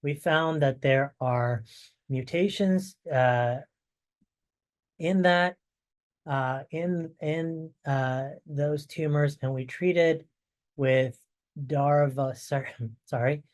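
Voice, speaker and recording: A man's voice: a little high, drawn-out words. A man presenting research updates in a webinar, conversational and fond of rhetorical asides, while losing his voice.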